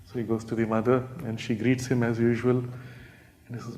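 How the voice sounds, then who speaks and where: Male spiritual teacher, gentle storyteller, mellow warm tone, rhetorical questions to the room. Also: medium pitch, level tone, moderate pace. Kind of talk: spiritual retreat talk. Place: retreat talk before a live audience.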